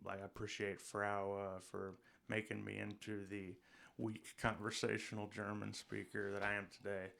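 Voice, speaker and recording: A young man on a podcast with a low, gravelly voice and a bright, forceful edge. He chats casually and cuts in with quick one-liners. His voice carries a lot of vocal fry. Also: monotone. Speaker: podcast co-host. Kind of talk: casual chat.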